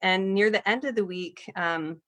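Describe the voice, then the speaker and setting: A young woman guest on a podcast, talking earnestly and laughing softly as she tells her story. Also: mid-range voice, measured pace. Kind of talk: casual podcast conversation.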